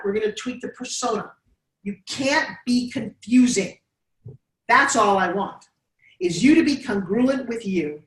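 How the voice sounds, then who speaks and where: A woman's voice: mid-range voice, distant mic. A woman with a New York accent, leading a live workshop and guiding students through exercises. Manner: animated, coaxing instructor directing students. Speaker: on-camera presence coach. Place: classroom. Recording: echoey classroom from afar.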